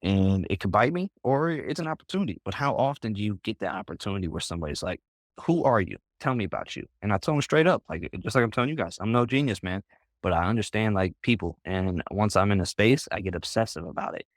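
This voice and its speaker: A man's voice: lowish voice, animated, fast, no echo, studio quality. Rambling man telling a story on a call. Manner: rambling, full of "like" and "bro", restarts often. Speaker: interview guest. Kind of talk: casual storytelling on a group voice call.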